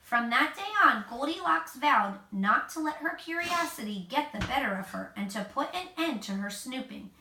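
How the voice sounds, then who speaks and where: A mother reads a storybook aloud to her child at home, expressive and patient. Her voice is high and bright with a lively, animated lilt, and it echoes in a room from some distance. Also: moderate pace, few pauses, slight background noise. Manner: expressive, gentle asides to the child. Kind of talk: reading a picture book aloud.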